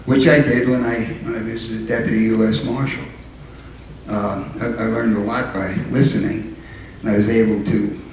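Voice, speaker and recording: A man's voice: medium pitch, slight background noise. An older man from New York City, a mayor giving an earnest, emphatic speech to a local meeting, often repeating and restarting his phrases. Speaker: town mayor. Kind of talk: public speech to a local group. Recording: echoey hall from far off.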